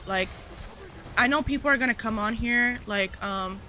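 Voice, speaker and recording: Bright-voiced woman streamer chatting rambly. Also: on the high side, normal speed, a little hiss or hum. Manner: rambling, filler-heavy, addressing chat directly. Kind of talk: casual livestream chat.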